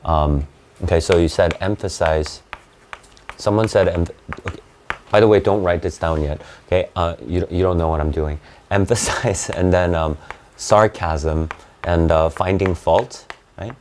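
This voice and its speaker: A man's voice: low voice, fairly even intonation, unhurried, a little mellow, a little hiss or hum. A man teaching an SAT class, explaining in bursts and checking in with "right?" and "okay?". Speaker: SAT tutor. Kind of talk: live online class lecture.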